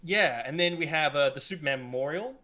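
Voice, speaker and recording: A man's voice: fairly high pitch, brisk, sharp tone. A man co-hosting a podcast, chatting casually about a film and swearing as he retells scenes. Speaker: podcast co-host. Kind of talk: casual film review chat.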